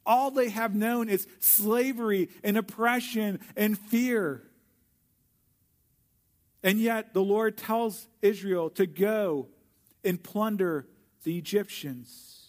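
Male preacher, fairly high voice, earnest sermon delivery with slow, stressed repetitions. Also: a little mellow. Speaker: pastor.

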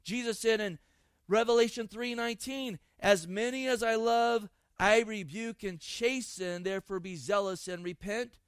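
A man's voice: sits high, moderate pace, clean tone, no echo. A man preaching a sermon, emphatic and repeating phrases for stress. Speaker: pastor.

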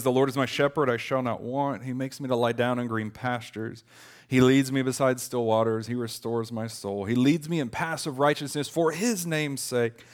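A pastor in his thirties preaches an earnest, conversational sermon in a medium-pitched voice. When he quotes a lament, he lifts his voice.

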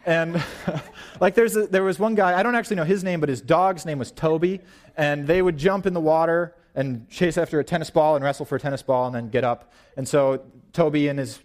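A young man in his twenties giving an informal, animated sermon at church, pacing and gesturing as he talks. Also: on the high side, brisk. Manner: paces and gestures while preaching, animated and informal. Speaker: young preacher.

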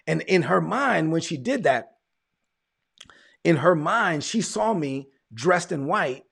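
A man's voice: fairly high pitch, animated, slow, gravelly, a bit bright, husky. A man, a pastor telling his testimony in a sermon, repeating words as he tells the story. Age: 40s.

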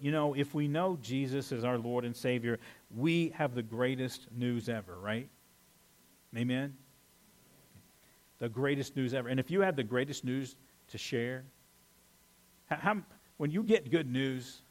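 A pastor preaching a conversational sermon, animated with playful asides. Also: male voice, mid-range voice.

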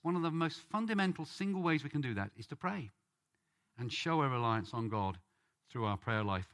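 A man's voice: lowish voice, fairly bright tone. A man from Britain giving an earnest sermon-style Bible teaching and leading a study group. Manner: earnest, rising on questions and names.

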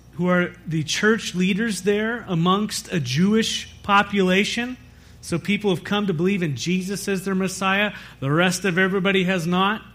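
A man with a high-pitched voice delivers a church sermon as its pastor. He preaches conversationally, wandering with fillers and quick self-corrections. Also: a bit bright.

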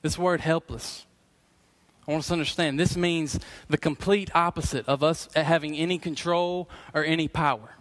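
A middle-aged man preaching a sermon as pastor, earnest and emphatic, slowing down to repeat key phrases. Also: fairly high pitch, fairly even intonation, fairly bright tone.

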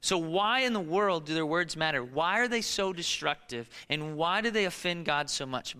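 A male pastor preaches in a lively, conversational way, tossing in casual asides and rhetorical questions. His voice is very bright and forward, pitched a little higher than most men. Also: moderate pace, few pauses, clean tone, long reverb tail. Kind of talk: sermon.

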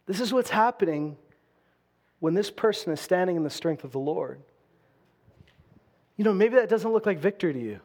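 A man preaching a sermon, moving between loud, driving bursts and quiet, low-spoken stretches. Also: expressive, moderate pace, long pauses. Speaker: pastor.

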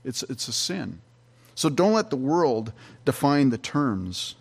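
A man's voice: medium pitch, big pitch swings, slow pace, gravelly, husky. A middle-aged man, a pastor, giving a conversational Bible-teaching sermon with frequent restarts and fillers.

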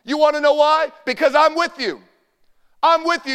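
A male pastor preaching a sermon, building to shouts at his peaks and sinking to a hushed voice in quieter moments. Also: very high-pitched, a little fast, big-room sound. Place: church hall.

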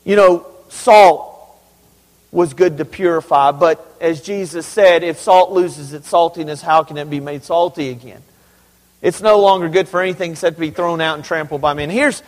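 A male pastor delivers a conversational sermon with a fairly high voice. He leans hard on key words and breaks into humorous asides to the congregation. The sound rings out with the long reverb of a large hall. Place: church sanctuary.

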